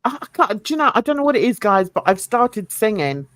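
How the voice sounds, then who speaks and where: A woman's voice: a little high, very animated, brisk, a bit bright, dry recording. A woman hosting a casual livestream chat, playful and giggly, talking to her viewers as guys. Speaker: livestream host.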